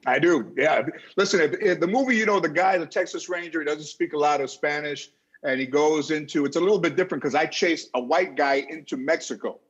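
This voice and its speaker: A middle-aged man telling a rambling, animated story as a talk show guest. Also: on the high side, a little fast, husky, lo-fi sound. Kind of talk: casual storytelling.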